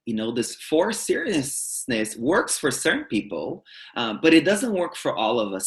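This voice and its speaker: Animated man telling stories as a guest. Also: mid-range voice. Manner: animated and expressive, with frequent stutter-like restarts. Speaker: spiritual teacher and author, guest. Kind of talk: storytelling in a podcast interview.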